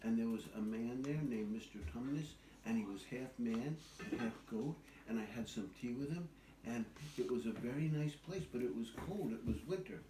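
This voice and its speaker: A man's voice: medium pitch, moderate pace, close to an everyday voice. An older man voicing an earnest young girl who insists her story is true, in a pleading tone. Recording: echoey, distant, noisy home recording.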